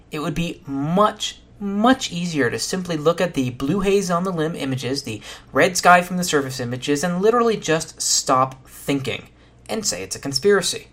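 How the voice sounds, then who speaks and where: A podcast host giving a solo science explanation in a casual, dry and sardonic way, with some fillers. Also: medium pitch.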